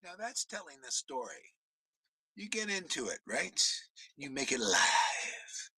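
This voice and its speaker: A man preaching with fire, shouting in bursts, then dropping to a mutter, swearing often. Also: on the high side, big pitch swings, takes it slowly, husky, no echo, low-quality recording. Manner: swings from shouting to muttering, profane. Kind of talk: fiery devotional preaching.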